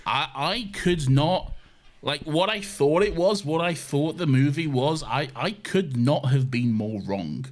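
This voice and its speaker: Excitable, swearing man. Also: fairly high pitch, unhurried. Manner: excitable, emphatic, swears a lot. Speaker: podcast co-host. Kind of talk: casual chat.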